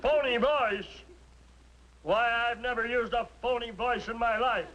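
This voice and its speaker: Young man, excitable, high voice, 1950s sitcom, old TV sound. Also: a little slow, a faint crowd, a little hiss or hum, rough recording. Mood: protesting. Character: eager young man, studio page and hot-rodder.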